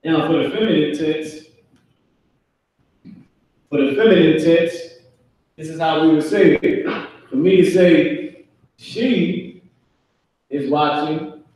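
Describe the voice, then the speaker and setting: A man teaches a relaxed class, talking loosely and acting out little family scenes in other voices. His voice is a touch high for a man. It sounds boomy and echoey, as if he is standing away from the mic in a big bare room. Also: a little slow, pauses often, recorded from a distance. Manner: casual, conversational, acts out family scenarios in character voices. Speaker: Hebrew language teacher. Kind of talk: casual live online class.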